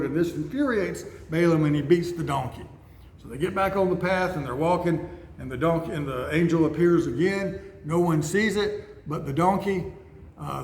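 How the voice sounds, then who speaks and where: Male storyteller, casual sermon, slightly high voice, roomy reverb. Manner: rambling, conversational storytelling. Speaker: speaker. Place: church building. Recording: echoey room, faint noise.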